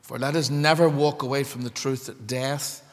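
A male preacher delivers a fervent, impassioned sermon, pressing his points with rising emphasis toward emphatic climaxes. His voice is medium-pitched and steady at normal speed, trailing off into the long echo of a large church.

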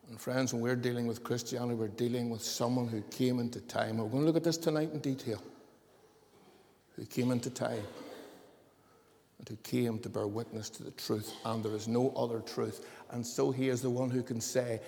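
A man's voice: mid-range voice, steady tone, moderate pace, warm tone, big-room sound, slight background noise. A man preaching a sermon as pastor, emphatic and building in force.

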